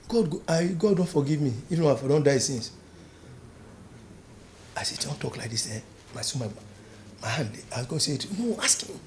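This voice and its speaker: An older man with a Nigerian accent recounts his story, slipping between pidgin and English. His voice drops to a quiet mutter in one breath and turns loud and insistent in the next. There is a faint ambient hum behind him. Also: expressive, moderate pace, pauses often. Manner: mixes pidgin, swings from low murmur to loud and emphatic. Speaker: interview guest. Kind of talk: storytelling in an interview.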